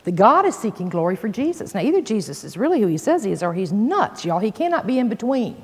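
A woman's voice: medium pitch, very animated, fast talker, few pauses, slightly rough. A woman teaching a sermon, reading scripture with dramatic emphasis and folksy asides to her listeners. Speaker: Bible teacher. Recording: long hall reverb.

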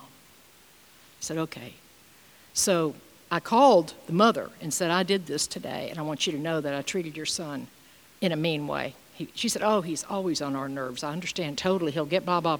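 A woman's voice: lowish voice, big-room sound. A middle-aged woman teaching from the Bible, reading scripture and sharing personal stories in an earnest, conversational way.

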